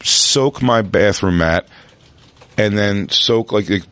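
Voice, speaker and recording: A podcast co-host in casual comedic banter, riffing with crude teasing jokes. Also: male voice, fairly low pitch, slow pace, fairly bright tone, dry recording.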